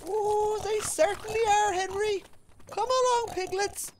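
A woman voicing a motherly cartoon pig with piglets, coaxing and warm. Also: very high voice, steady tone, unhurried, background noise.

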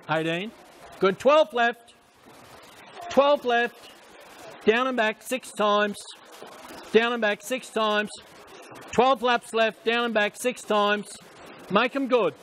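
A man coaching swimmers at a pool, calling out short repeated instructions and quick praise. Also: high voice, fairly bright tone, a little hiss or hum. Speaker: swim coach. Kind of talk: poolside coaching commands.

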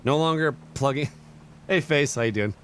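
A man's voice: a little high, measured pace, slight background noise. A young man streaming live, chatting casually, chuckling and thanking his chat. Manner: laid-back, chuckling, reads and thanks chat.

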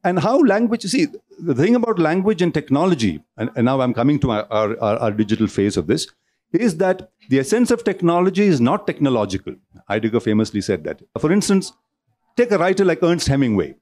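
A man's voice: on the high side, very animated, brisk, a little mellow. A man giving a public lecture in a hall, discursive, often restarting and repeating words as he goes. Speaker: speaker at a cultural centre talk.

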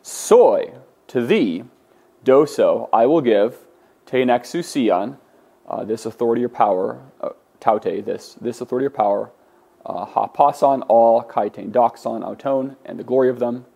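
A man's voice: medium pitch, moderate pace, vocal fry, warm tone. A man teaching a Greek class, lecturing in a conversational way with many fillers and restarts. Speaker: Greek instructor.

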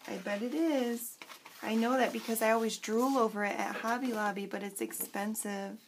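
A young woman, gushing and excited as she chats to camera in a home craft vlog, full of fillers and asides. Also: a little high, moderate pace, a little hiss or hum. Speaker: craft vlogger. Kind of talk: casual chat to camera.

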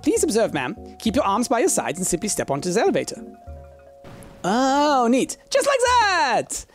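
A streamer doing a cheery inn tour guide who pitches everything in a raised, lilting, salesy voice, up and down like a hotel brochure read aloud. Faint game music runs underneath. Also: wildly swooping pitch, moderate pace. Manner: bright, salesy hospitality patter.

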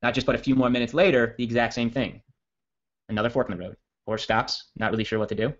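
A man giving a casual copywriting training, telling a long story in a rambling, self-correcting, energetic way. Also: medium pitch, fast. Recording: dull lo-fi audio.

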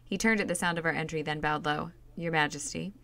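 A woman reading a novel aloud in steady, plain storytelling. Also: low-pitched, fast talker, gravelly. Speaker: reader.

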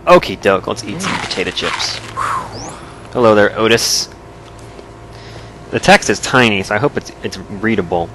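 A man's voice: on the low side, lively intonation, normal speed, long pauses, noisy background. A man hosting a let's play, giving casual gameplay commentary in a joking, explanatory way with frequent chuckles.

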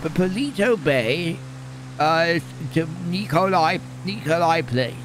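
A man's voice: fairly high pitch, expressive, takes it slowly, noisy background. A man streaming a role-play as a pampered, bossy rich character, talking haughtily and laughing often.

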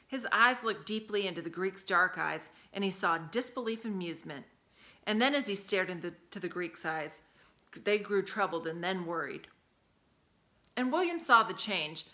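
A woman reading a novel aloud for a community reading, with expressive storytelling. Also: on the low side. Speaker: community reader.

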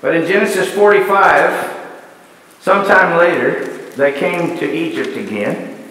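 A man's voice: a little high, measured pace, bright, forceful tone, slight background noise. A man preaching a sermon in a church, pressing his point with repeated rhetorical questions and building lists. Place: church sanctuary. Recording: echoey church hall, distant mic.

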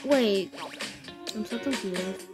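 A woman giving casual, excitable commentary while playing a game, gasping, giggling and squealing when scared. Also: mid-range voice, takes it slowly, loud music behind the voice. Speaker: gamer recording her play.

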